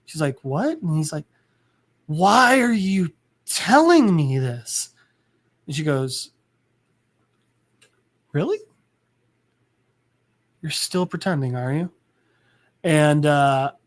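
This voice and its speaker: A man co-hosting a podcast, casually recapping a comic and acting out the characters' lines in an animated way. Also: fairly high pitch. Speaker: podcast co-host.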